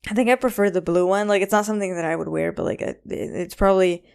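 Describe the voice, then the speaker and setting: Rambling young woman podcaster, smooth voice. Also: mid-range voice, fairly even intonation, quick pace, a little mellow. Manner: rambling, full of ums and likes, self-conscious. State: a bit anxious. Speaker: podcast host. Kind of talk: casual solo podcast chat.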